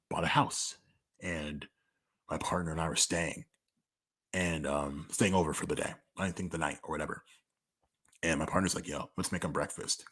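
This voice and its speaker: Answering listener questions in a casual monologue, a young man speaks in a bass voice that's a bit bright with a breathy edge. He goes through a list of personal questions candidly and with profanity, chatting loosely and filling it with "like."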